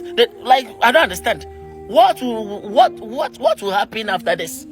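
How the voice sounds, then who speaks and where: A man's voice: high-pitched, very animated, normal speed, faint music behind. A man with a Ghanaian English accent giving exasperated opinionated commentary full of rhetorical questions and pidgin asides.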